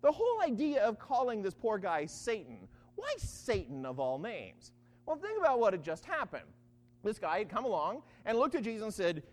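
A Bible teacher giving an animated study talk, often checking in with listeners and acting out the quoted lines. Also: mid-range voice, normal speed, in a large hall.

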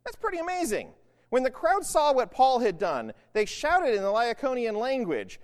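Conversational preacher in a reverberant hall. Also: male voice, very high-pitched, very animated, normal speed. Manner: conversational, keeps asking "right?". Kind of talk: sermon.

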